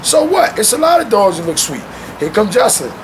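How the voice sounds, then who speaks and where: A man's voice: high voice, fairly quick, a little hiss or hum. A young man talking casually and animatedly at home with his dogs, dropping "man" into nearly every thought. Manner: animated, loose slang-heavy talk with frequent "man". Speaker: guest. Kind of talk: casual chat.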